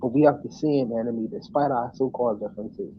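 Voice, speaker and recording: Man making a measured point. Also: medium pitch, highs cut off, a little hiss or hum. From Bahamas. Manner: measured, repetitive restarts, explanatory. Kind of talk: heated debate.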